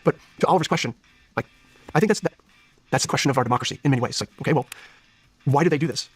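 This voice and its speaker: Male candidate, 30s, earnest and searching, quick delivery, slightly husky tone. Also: mid-range voice, no room sound. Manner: earnest, searching, many restarts. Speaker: political candidate, guest. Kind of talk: interview conversation.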